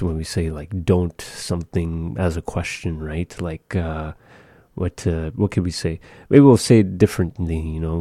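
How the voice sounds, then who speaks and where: Deep-voiced man hosting a radio language segment. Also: mellow, no room sound, clean studio sound. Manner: slow, careful repetition of phrases. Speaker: radio host teaching language phrases. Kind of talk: casual radio talk with language lesson. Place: radio studio.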